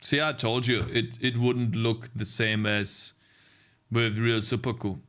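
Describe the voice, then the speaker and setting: A young male streamer codes live and mutters at his bugs as he works. He talks slowly and answers his chat in a casual, frustrated way. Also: medium pitch, little pitch movement, a bit bright. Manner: frustrated muttering while debugging, talking to chat.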